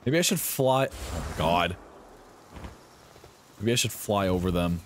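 A young man giving live gameplay commentary, excitable and often yelping and swearing at enemies. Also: low voice, a little slow, slight background noise. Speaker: streamer.

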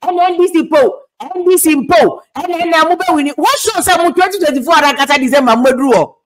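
A woman's voice: high-pitched, quick pace, a little hiss or hum, low-quality recording. A woman with a Ghanaian accent, a Twi speaker, giving heated political commentary that moves between English and Twi and repeats words for stress.

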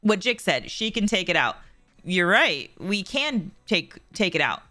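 A woman's voice: mid-range voice, sing-song, measured pace, sharp tone. A woman hosting a podcast in casual chat, talking freely and acting out quoted remarks. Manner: chatty, acts out quoted remarks, reads chat messages. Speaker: podcast host.

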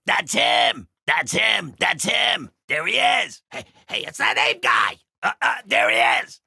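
Brief: gravelly Slig guard creature, blustering and jumpy, bright rasp, slow, lively swings, dry close mic. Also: male voice, high-pitched, no room sound, heavily acted. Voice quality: gravelly, rough. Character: gruff male Slig guard, grumbling cartel security creature. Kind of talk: video game voice acting.

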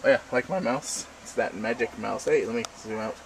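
A young man rambling and joking in a casual vlog from his room at the computer, with random asides. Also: brisk. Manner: random, jokey, rambling with sudden pitch jumps. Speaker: vlogger. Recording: noisy home recording.

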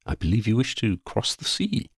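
Mild deep-voiced ferryman, a man puts him on, calm and musical, low and gravelly. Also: no room sound, studio quality, heavily acted. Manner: calm, unhurried, gently amused.

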